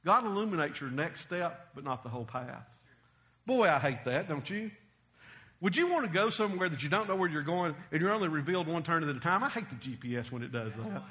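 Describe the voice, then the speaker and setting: A man preaching a sermon, folksy and animated, telling stories with humor. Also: on the high side, fairly quick.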